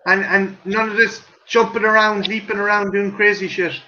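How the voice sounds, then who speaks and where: A man's voice: high voice, little pitch movement, moderate pace, bright, forceful tone, dull audio. A man hosting a livestream in casual chat, rambling, swearing and laughing. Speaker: stream host.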